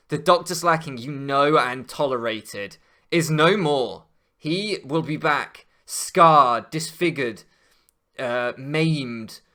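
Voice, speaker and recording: A man ranting over a Pokémon match, switching between quiet muttering and loud swearing outbursts. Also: mid-range voice. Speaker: Pokémon draft league player. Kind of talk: gaming commentary rant.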